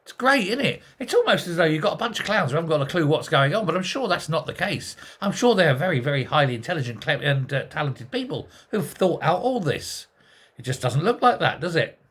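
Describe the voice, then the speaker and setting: A man's voice: on the high side, sing-song, a little fast, fairly bright tone, slightly rough. A man hosting a sarcastic, exasperated political commentary monologue full of rhetorical questions. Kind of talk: ranting monologue.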